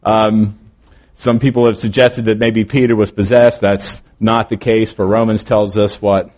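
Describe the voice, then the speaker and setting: A male pastor preaching a morning sermon, moving between emphatic lines and quieter, drawn-out phrases. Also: on the low side, level tone, muffled recording.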